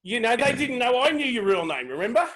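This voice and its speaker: A man's voice: very high voice, sing-song, fairly quick, fairly bright tone. A middle-aged man hosting a webinar over a video call, brash and joking as he pushes the audience to type in the chat. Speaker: webinar host. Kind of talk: lively sales webinar chat.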